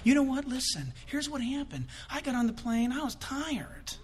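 A man preaching, telling a personal story with lively acted-out dialogue. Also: very high-pitched, normal speed, husky. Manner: storytelling with acted-out quotes, bursts of laughter. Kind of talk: animated sermon anecdote.

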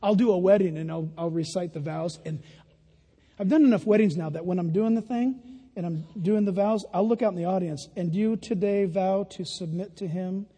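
High-voiced older preacher in echoing hall. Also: male voice, fairly quick, dark tone, slightly rough. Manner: emphatic, playful asides. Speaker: pastor. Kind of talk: sermon. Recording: long reverb of a large hall.

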